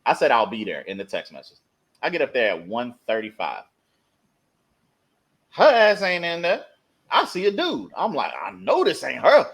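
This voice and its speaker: Lively man telling a story on a podcast. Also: mid-range voice, normal speed, creaky, long pauses, husky. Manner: animated, acts out quoted dialogue. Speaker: podcast co-host. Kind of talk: casual storytelling chat.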